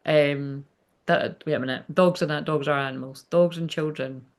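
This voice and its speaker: A woman's voice: low voice, steady tone, normal speed. A woman medium chatting casually during a live reading, rambling, laughing often and swearing freely. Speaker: psychic medium.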